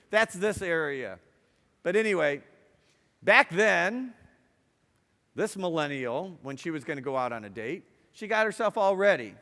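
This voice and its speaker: A middle-aged man with a high voice gives a lively, chatty talk to students, playfully asking the audience questions, telling stories, and acting out quotes. A long hall reverb hangs on the recording.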